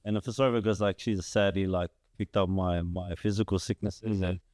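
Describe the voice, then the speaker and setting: A young man with a very low, dark voice, talking as a guest in a casual podcast conversation. He rambles and fills his sentences with "like" and "you know". The sound is close and dry, with no room around it. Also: fairly even intonation, moderate pace, no room sound. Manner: rambling, heavy use of "like" fillers. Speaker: guest, father of three.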